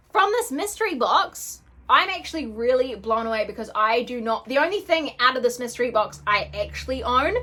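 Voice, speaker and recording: Woman vlogger, fairly high voice, gushing unboxing chat full of gasps and squeals, faint background hiss. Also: fairly bright tone. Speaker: beauty vlogger.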